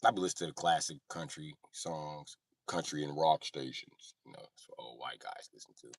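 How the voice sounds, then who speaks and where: A man's voice: extremely low pitch, fairly quick, no echo, clean studio sound, recorded from a distance. A man hosting a livestream, ranting casually and joking with lots of swearing. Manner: animated, joking, swings loud and quiet. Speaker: livestream host. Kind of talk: casual profane comedic rant.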